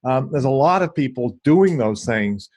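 A man's voice: medium pitch, expressive, normal speed, a little mellow. A man hosting an interview, affirming and summing up his guest's points in a reflective way. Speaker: interview host. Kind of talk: interview conversation.

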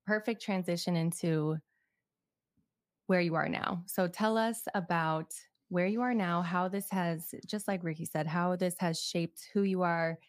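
A woman's voice: on the low side, steady tone, unhurried, no echo. A woman hosting a podcast interview, encouraging and affirming as she asks questions. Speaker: podcast host. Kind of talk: casual interview chat.

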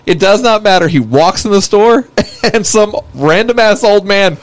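A high-voiced man, co-hosting a podcast in casual chat. His pitch swings widely as he talks, and he laughs his way through his stories. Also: a little slow. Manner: giggly, lively storyteller.

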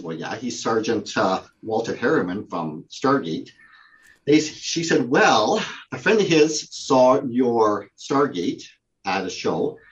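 Halting man telling a long story. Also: mid-range voice, muffled recording. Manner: halting, with many fillers and restarts. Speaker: prop company owner, guest. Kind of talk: casual anecdote telling.

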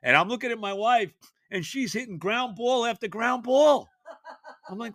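An older man, telling a rambling, animated story on his podcast, full of fillers and restarts. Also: very high-pitched, normal speed, no room sound, studio quality. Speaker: podcast host. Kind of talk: casual storytelling monologue.

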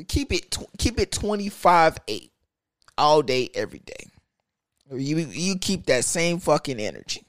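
A man's voice: mid-range voice, dry recording. A young man telling a profane, slang-heavy story rant.

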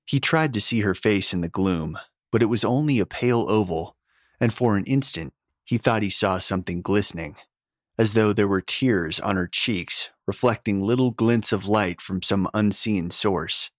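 A man narrates a story in a steady, measured way. His low voice is recorded close and dry. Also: dry recording. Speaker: audiobook narrator. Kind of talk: scripted narration.

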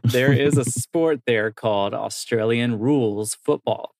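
A man's voice: medium pitch, unhurried, darkish tone. A young man reads news items for a podcast, with jokes mixed in. The sound is dry and close, with no room echo. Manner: light, joking, reads quotes aloud. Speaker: podcast co-host reading news. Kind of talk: casual news chat.

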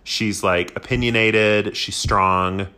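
A woman's voice: very deep voice, fairly even intonation, slow, pushed and bright, clean tone. A woman co-hosting a podcast, joking and laughing often in casual chat. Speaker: podcast co-host.

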